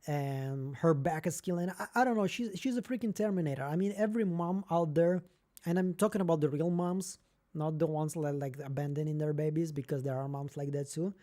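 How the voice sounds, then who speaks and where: A man's voice: fairly high pitch, a little fast, mellow. A young man with a non-native English accent, chatting candidly and rambling on a live stream as host. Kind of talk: casual live-stream chat.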